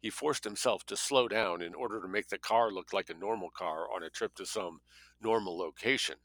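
A man reads a thriller aloud with a bright, forceful tone and a somewhat low voice. He keeps a plain narrating style, slipping in offhand asides of his own. The recording is dry and close. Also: normal speed, no echo. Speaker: audiobook reader.

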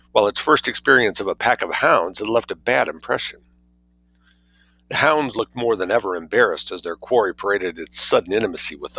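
A man reads a story aloud with a low, gravelly voice that still rings bright at the edges. His delivery is wry and expressive, rising and falling freely. The sound is close and dry. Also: no room sound, low-quality recording. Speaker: reader. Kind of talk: audiobook narration.

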